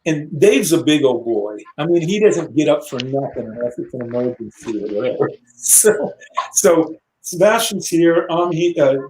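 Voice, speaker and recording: A man telling a tour story in a casual interview, animated and acting out the voices of people in it. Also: a little high, moderate pace, background noise. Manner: animated, acts out voices in quotes. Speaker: guest musician.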